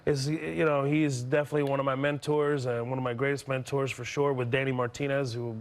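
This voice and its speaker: A man's voice: mid-range voice, level tone, fast. A man being interviewed as a guest comedian on a talk show, joking animatedly and laughing often. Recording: live TV studio with audience. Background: studio audience laughter.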